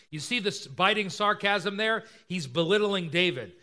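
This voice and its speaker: A male preacher delivers an expository sermon in a high voice. His tone is bright and forceful. He retells scripture and briefly acts out its characters' lines. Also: expressive, moderate pace, hardly any pauses.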